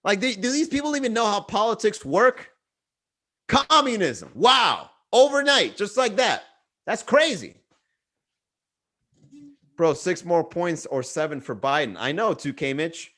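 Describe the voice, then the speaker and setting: A man's voice: high voice, sing-song, unhurried, pauses often, a bit bright. A young man hosting a comedy livestream podcast, talking loosely in a swearing, bro-talk storytelling way. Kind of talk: casual livestream chat. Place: Miami.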